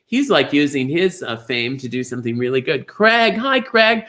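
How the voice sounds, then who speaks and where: A middle-aged man hosting a live online bingo show, gushing over viewers' names with sudden high squeals. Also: sing-song, normal speed, sharp tone. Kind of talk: live-streamed chatty greetings to viewers.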